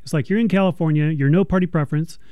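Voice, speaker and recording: A male radio host with a higher, mellow voice that sounds smooth and close. He talks haltingly, full of fillers, in a dry studio sound. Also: no echo. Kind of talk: radio interview.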